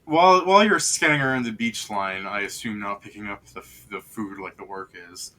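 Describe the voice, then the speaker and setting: A man's voice: fairly low pitch, a little fast, bright, forceful tone. A man narrating as game master in a tabletop game, joking and laughing often.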